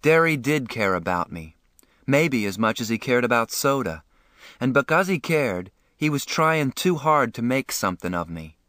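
A man narrating a novel in the first person, reading in a measured, plain way. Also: mid-range voice, big pitch swings, a bit bright, no room sound, studio quality. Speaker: audiobook narrator.

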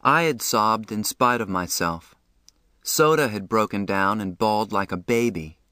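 A man narrating a novel in the first person, reading in a measured, plain way. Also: fairly low pitch, sharp tone, no echo, clean studio sound. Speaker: audiobook narrator.

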